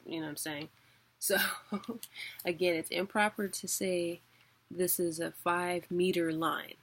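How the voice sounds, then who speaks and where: A young woman teaching a weekly online class in a relaxed, chatty way, laughing often. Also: lowish voice, measured pace. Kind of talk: casual spoken lesson.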